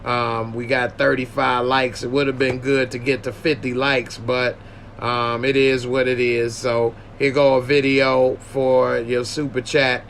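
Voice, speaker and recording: A man's voice: medium pitch, little pitch movement, a little slow, a bit bright, slight background noise. A man hosting a casual livestream podcast, joking and slangy while thanking his viewers. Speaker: podcast host.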